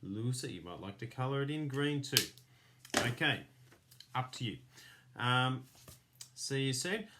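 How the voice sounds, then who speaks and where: A man's voice: mid-range voice, animated, unhurried, pauses often, background noise. A man teaching a children's class, giving patient step-by-step craft instructions. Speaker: primary school teacher.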